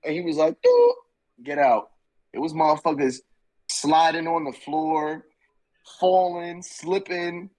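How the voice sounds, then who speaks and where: A man's voice: on the high side, animated, unhurried, creaky, darkish tone, low-quality recording. A man on a podcast telling joking stories in a laid-back, swearing, casual way. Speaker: podcast guest, army veteran. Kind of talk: casual chat, storytelling.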